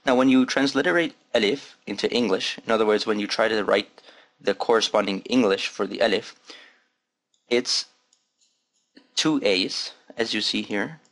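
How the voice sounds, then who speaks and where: A man's voice: fairly low pitch, a bit bright. Male language tutor, patient, repeats sounds for learners. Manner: patient, demonstrates sounds slowly and repeats them. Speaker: Arabic teacher. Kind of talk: recorded language lesson.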